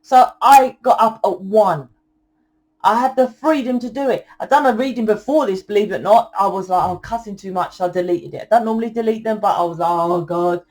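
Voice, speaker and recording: A young woman giving a channeled tarot reading in a forceful, blunt lecturing way, swearing often. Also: medium pitch, fairly quick. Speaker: tarot reader.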